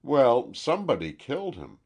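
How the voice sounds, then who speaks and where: A man's voice: mid-range voice, wildly swooping pitch, normal speed, a little mellow, breathy edge, voice pushed up, full character voice. A man voicing a nosy, blunt middle-aged landlady in an audiobook, speaking in a prying, outspoken way.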